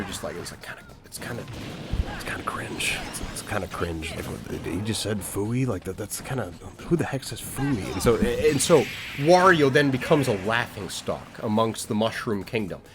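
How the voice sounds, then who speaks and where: A man's voice: medium pitch, expressive, fairly quick, noisy background. A young man live-streaming, improvising a silly story in a rambling, playful way and talking straight to his chat.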